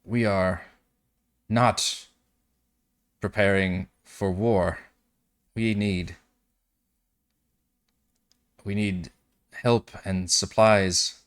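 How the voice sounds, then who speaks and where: A man's voice: sits low, steady tone, very slow, pauses often. Man voicing a weary, earnest former mayor woman. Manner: quiet, earnest, pleading.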